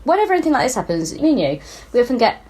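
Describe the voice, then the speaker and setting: A woman's voice: a little high, sing-song, very fast, warm tone, husky. A woman with a northern English accent co-hosting a comedy podcast, chatting bluntly with plenty of swearing and laughter. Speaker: podcast co-host. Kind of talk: casual comedic chat.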